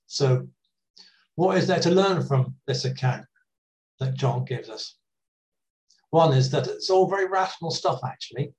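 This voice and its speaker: A man's voice: medium pitch, distant mic, poor audio. Man preaching, a bit off-mic. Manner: conversational, gently humorous, with pauses and restarts. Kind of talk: sermon.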